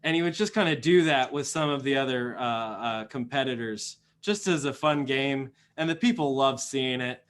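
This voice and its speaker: A man's voice: mid-range voice, moderate pace, few pauses, a bit bright. A young man running a tabletop game as game master, rambling with many fillers and restarts.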